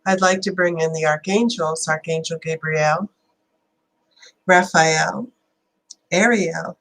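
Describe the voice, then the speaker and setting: A woman with a fairly low voice hosts a spiritual channeling session. She talks in a loose, rambling way full of fillers. She slows into deliberate, prayerful invocations. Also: fairly even intonation, fairly bright tone, poor audio. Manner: chatty and rambling, then slow and prayerful. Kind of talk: livestream talk and invocation.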